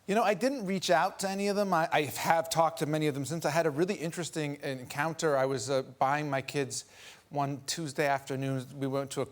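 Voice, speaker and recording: A man's voice: on the high side, steady tone, fairly quick. Wry, self-deprecating male guest. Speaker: talk show guest. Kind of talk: rambling anecdote on a chat show. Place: TV studio with live audience. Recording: loud background noise and audience laughter.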